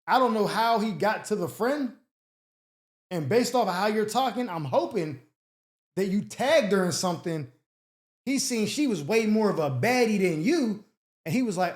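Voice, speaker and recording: A man's voice: high-pitched, lively intonation, normal speed. Male advice host, blunt and mocking, slangy casual delivery in an echoey room. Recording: roomy echo.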